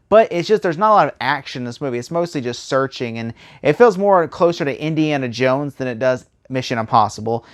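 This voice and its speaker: A man giving a casual spoken movie review, rambling and animated, full of fillers and restarts. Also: medium pitch.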